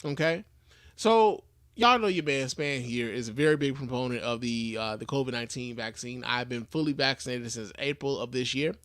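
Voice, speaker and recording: A man hosting his own podcast, giving casual, animated commentary on the news with frequent restarts and casual swearing. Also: mid-range voice, normal speed, no room sound, clean studio sound. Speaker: podcast host.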